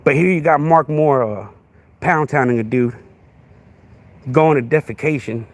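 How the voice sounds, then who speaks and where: A man's voice: fairly high pitch, unhurried, no echo. A man, hosting a podcast livestream with a crude, confrontational rant that keeps asking "right?". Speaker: podcast host.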